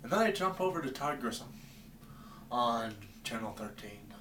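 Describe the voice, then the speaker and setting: A man's voice: medium pitch, lively intonation, moderate pace, fairly bright tone, reverberant, distant mic, slight background noise. A man from Maine rambling in a wry, exasperated rant to his camera from his basement. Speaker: vlogger. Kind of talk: comedic rant vlog. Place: home basement.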